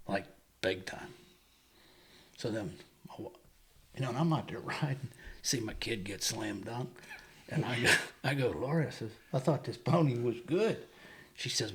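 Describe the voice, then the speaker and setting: A man's voice: mid-range voice, slight background noise. A man, a guest on a chat show, telling a rambling story and acting out the dialogue of the people in it. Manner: rambling anecdotes, acting out quoted dialogue, chuckling. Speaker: guest, horse and pony trader. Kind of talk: casual storytelling in conversation.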